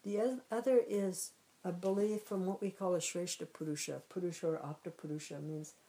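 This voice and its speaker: Low-voiced woman teaching with a story. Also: steady tone, brisk, dark tone, low-quality recording. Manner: conversational, frequent "you know", restarts and repeats. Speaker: spiritual teacher.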